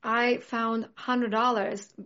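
A woman's voice: on the high side, level tone, takes it slowly, fairly bright tone, dull audio. A woman in casual conversation, talking earnestly and reflectively, with many "like" fillers. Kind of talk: casual chat.

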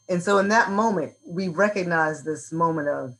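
A woman's voice: on the low side, moderate pace, hardly any pauses, rough recording. A woman from Virginia, a nonprofit leader, telling a personal story as an interview guest and acting out the voices in it. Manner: animated, acts out quotes from her childhood.

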